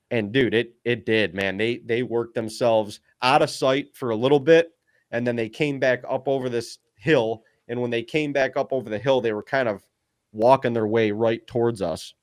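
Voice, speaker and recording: A man co-hosting a podcast, telling a hunting story in casual chat, excited and full of "dude" and "like". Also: mid-range voice, no echo, studio quality. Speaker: podcast co-host.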